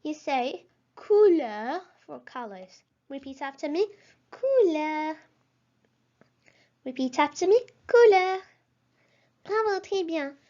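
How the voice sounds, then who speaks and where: High-pitched lady teacher, slow careful repeat-after-me drills, kinda muffled lo-fi audio. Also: lively intonation, a little mellow. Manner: slow, encouraging, carefully pronounced. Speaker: language teacher. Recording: slightly dull lo-fi recording.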